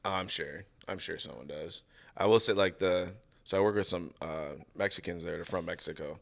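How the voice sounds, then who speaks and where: Guest, man from Ohio, gravelly low voice, easygoing and agreeable in casual talk. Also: moderate pace, a bit bright. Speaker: podcast guest, Tesla maintenance worker. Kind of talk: casual chat.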